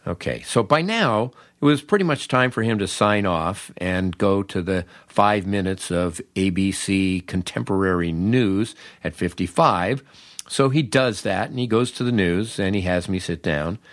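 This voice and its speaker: A man's voice: low-pitched, unhurried, dry recording, clean studio sound. An older man hosting a podcast, telling a comic story in a wry, self-mocking way. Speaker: podcast host.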